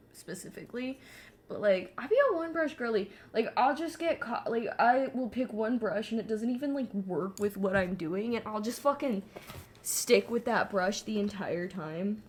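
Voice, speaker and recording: A woman's voice: medium pitch, animated, normal speed, husky. Rambling young woman swearing while painting. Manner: rambling, self-mocking, swings into sudden yelling; frequent swearing and filler "like". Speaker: vlogger. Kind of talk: casual chat while painting. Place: alone at home.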